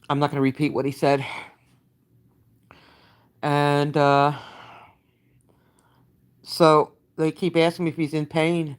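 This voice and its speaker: An older woman giving a halting, emotionally worn-out live update, greeting her viewers by name and using many fillers. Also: low-pitched. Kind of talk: live-stream chat update.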